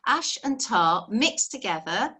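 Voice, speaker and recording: A woman's voice: mid-range voice, big pitch swings, slow, bright, forceful tone, breathy edge. A woman teaching a live online language lesson, explaining patiently step by step and encouraging her students over a video call.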